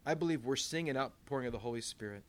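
A man's voice: mid-range voice, fast talker. Man preaching a conversational sermon. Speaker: pastor.

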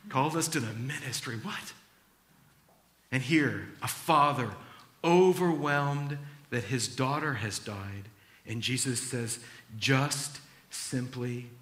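Animated preaching man, bright echoey voice. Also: mid-range voice. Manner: animated preaching, acting out Bible scenes. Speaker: pastor. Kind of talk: sermon.

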